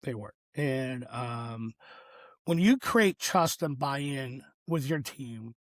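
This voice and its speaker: A man's voice: medium pitch, expressive, slow, no room sound. A man co-hosting a podcast, telling a personal story in an earnest, reflective way with plenty of fillers. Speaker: podcast co-host.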